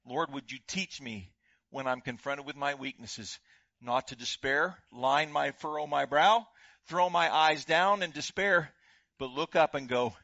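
An older man preaching a sermon as pastor, swinging from loud exclamations to hushed prayer. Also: mid-range voice, dry recording, highs cut off.

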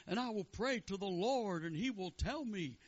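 A man doing a shrill old rabbi, squeaking in pleading alarm. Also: lively intonation, moderate pace, muffled recording. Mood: high pleading. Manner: heavy accented storytelling voice, rising to high pleading. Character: elderly male head rabbi, grave then shrill.

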